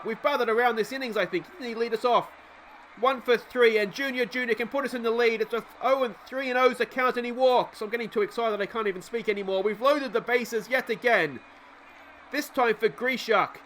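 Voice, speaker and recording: A man commentating his own baseball video game as a let's play host, cheering his players on and swinging between gloom and excited shouting. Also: sits high, a little hiss or hum. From Australia.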